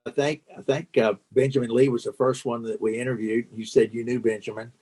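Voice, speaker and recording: A man hosting a podcast, asking questions with a halting, rambling manner. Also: mid-range voice, level tone, mellow. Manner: halting, full of fillers and restarts. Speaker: podcast host. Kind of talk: interview chat.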